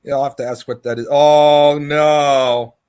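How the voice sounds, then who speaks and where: A man's voice: mid-range voice, little pitch movement, racing, dark tone. A man hosting a livestream, chatting casually and mocking others as he rambles. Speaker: livestream host. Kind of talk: casual chat.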